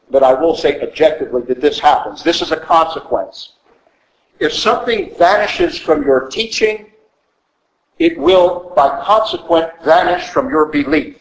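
A man preaching a sermon with emphatic stress, rhetorical questions and quick mocking asides. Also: mid-range voice, reverberant, rough recording. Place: church.

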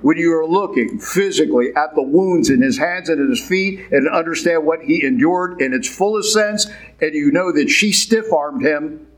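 A man's voice: fairly high pitch, low-quality recording. A man giving a sermon in a conversational, wry, emphatic way.

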